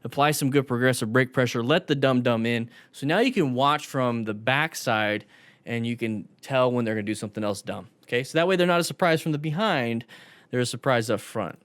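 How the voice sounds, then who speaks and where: A man's voice: medium pitch, a little fast, a bit bright, dry recording. A man giving casual commentary over motorcycle clips, coaching viewers and talking to them directly. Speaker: motorcycle safety instructor. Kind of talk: video commentary on crash clips.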